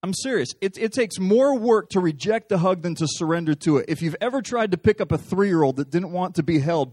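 A man's voice: high-pitched, a little mellow, no room sound. A man preaching a sermon in a conversational, storytelling way, often restarting his phrases. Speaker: pastor.

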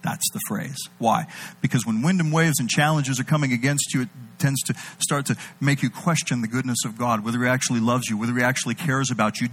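A man preaching a sermon, animated, swinging between loud emphatic bursts and low intimate delivery. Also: fast, breathy edge, rough recording.

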